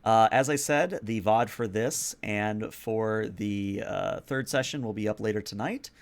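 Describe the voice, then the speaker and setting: A man running a tabletop vampire game as game master, narrating in a relaxed, casual way with fillers. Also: on the low side, measured pace, gravelly.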